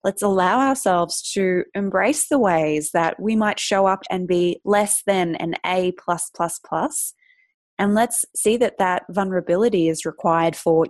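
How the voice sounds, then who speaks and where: A woman's voice: on the low side, darkish tone, no echo. A woman hosting a podcast interview, gushing and lavish with praise for her guest. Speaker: podcast host.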